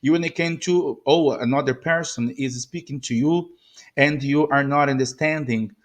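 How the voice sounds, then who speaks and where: A man with a Brazilian Portuguese accent teaching English pronunciation. He repeats short model phrases slowly with exaggerated stress and slips into Portuguese asides. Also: medium pitch.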